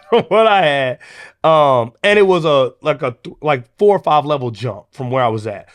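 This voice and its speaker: A man in his thirties from the United States hosting a motivational podcast, talking in an animated, conversational way with casual slang. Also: fairly high pitch. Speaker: podcast host.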